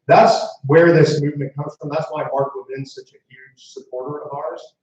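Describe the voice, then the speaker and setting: A man's voice: fairly high pitch, fairly even intonation, moderate pace, a little mellow. Guy telling a story to a room full of people, chatty w lots of asides, muffled n far away. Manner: conversational anecdotes with restarts and asides to the crowd. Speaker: guest speaker, movement founder. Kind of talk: storytelling speech to a live audience. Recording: echoey room mic heard from afar, muffled.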